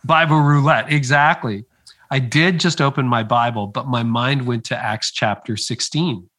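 A middle-aged man, a former pastor, telling his story in conversation, slowing down to stress the key moments. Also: medium pitch, bright, forceful tone. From Canada. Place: at his home area, speaking remotely.

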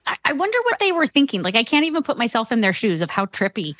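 A woman's voice: on the high side, sing-song, fairly bright tone, dry recording, studio quality. Chatty woman podcast co-host. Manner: chatty, quick to agree and laugh. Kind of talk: casual chat.

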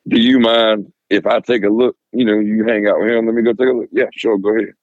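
A middle-aged man, a former police officer, telling stories casually in a podcast interview, animated and cursing freely. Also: fairly low pitch, fast, no echo, phone-quality sound. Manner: animated, swears freely, acts out quoted voices.

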